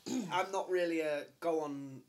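A man's voice: on the high side, normal speed. A man co-hosting a podcast, chatting casually and asking curious, probing questions. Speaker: podcast co-host.

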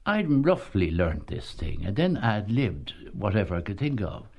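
A man's voice: on the low side, very animated, unhurried, creaky, dull audio. An older man, a former actor, telling a funny anecdote about his early stage days, often adding "you see" and chuckling. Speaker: retired actor recalling touring days. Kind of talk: anecdotal storytelling.

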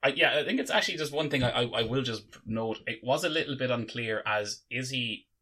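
A man's voice: medium pitch, animated, fairly quick, bright, forceful tone, husky. A young man co-hosting a podcast, chatting casually and rambling with many restarts. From Ireland. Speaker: podcast co-host. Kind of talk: casual chat.

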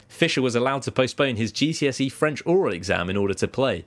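A man's voice: medium pitch, expressive, a little fast, few pauses. A man co-hosting a casual cricket podcast, reading news articles aloud in a chatty way. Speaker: podcast co-host.

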